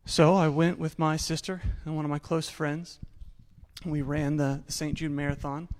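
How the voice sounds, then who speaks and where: A man's voice: on the high side, flat delivery, moderate pace, a little mellow, rough recording. A man in his late twenties or thirties telling his own survival story on stage, candid and self-deprecating, acting out the dialogue. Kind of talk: personal storytelling talk on stage.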